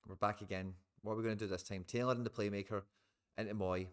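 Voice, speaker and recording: Scottish male streamer, lowish pitch, casual live match commentary, informal and chatty with viewers. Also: steady tone, quick pace, clean tone. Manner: chatty, swears, talks to viewers as guys. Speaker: live football watchalong streamer.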